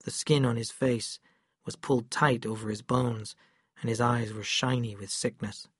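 A man reading a novel aloud in calm, measured scripted narration. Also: mid-range voice, breathy edge, no echo, studio quality. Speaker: audiobook narrator.

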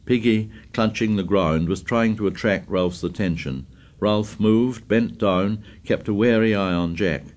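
A man with a fairly low voice narrates a novel aloud in a steady, measured way. His reading sounds composed and scripted. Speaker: audiobook narrator.

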